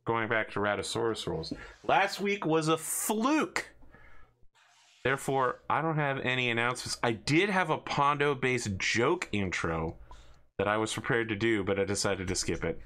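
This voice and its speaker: A man hosting a tabletop wargame session as game master. He talks in a lively, joking way, with a bright, forceful tone at a middle pitch. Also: moderate pace. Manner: animated, jokey storytelling. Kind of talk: tabletop game narration, casual chat.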